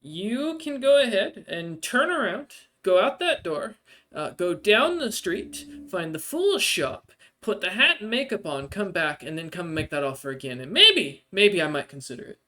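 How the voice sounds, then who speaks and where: A woman's voice: medium pitch, sing-song, moderate pace, bright, forceful tone, pitched above the performer's own voice. A man voicing a young, sly female dwarf who keeps a bar in a thieves' guild, coy and sweet-talking while she haggles. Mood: teasing, scornful.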